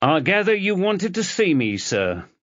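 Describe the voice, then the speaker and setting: A stubborn, worn-out police detective with short, dry replies, as a male narrator plays him. The voice sits a bit above the narrator's own with a lively lilt. The recording is dull and dry. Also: sits high, measured pace, dry recording, pitched above the performer's own voice, exaggerated voice. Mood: terse.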